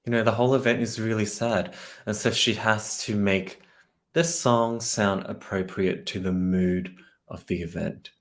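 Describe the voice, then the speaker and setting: Speaking at a measured pace in a fairly low voice, a vocal coach breaks down a singer's technique in a reaction video. He grows excited while demonstrating phrases.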